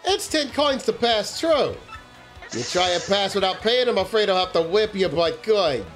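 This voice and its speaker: A man's voice: sits high, animated, moderate pace, a bit bright, soft background music. Man playing a bossy robot gang guard. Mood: menacing. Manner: threatening, bossy. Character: tough male robot gang gatekeeper.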